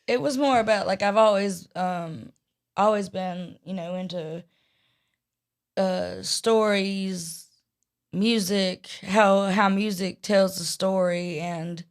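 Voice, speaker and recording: A woman's voice: medium pitch, slow pace. A woman from Georgia with a Southern accent, talking as a podcast guest in a chatty, rambling way with many restarts. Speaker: guest singer-songwriter. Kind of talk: casual podcast interview.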